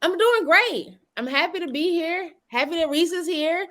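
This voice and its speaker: A woman co-hosting a casual podcast chat, upbeat and quick to laugh. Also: extremely high pitch, fairly bright tone. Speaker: podcast co-host.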